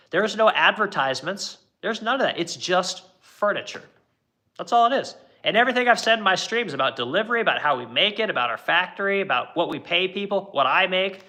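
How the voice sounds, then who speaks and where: Middle-aged shop owner, rather high voice with a sharp, forceful edge, swears a lot and goes on rants to his stream viewers. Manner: blunt, profane, ranting. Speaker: furniture business owner. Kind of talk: livestream chat with viewers.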